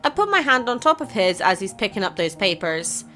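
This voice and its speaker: A gaming channel host, a woman with a medium-pitched, bright and forceful voice, chats briskly through a casual game playthrough with big pitch swings. She reacts and reads the story aloud over soft background music.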